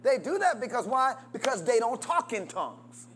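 Very animated at a moderate pace, a man preaches with slight background noise behind him. He keeps calling out questions for the congregation to answer and urging amens, his pitch and loudness swinging widely in call-and-response.

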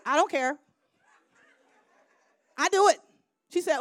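Woman minister, middle-aged, high and bright, preaching with shouted builds; dry close sound. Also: animated, moderate pace, pauses often, no echo. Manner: preaching with rising shouts and call-and-response. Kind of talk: sermon.

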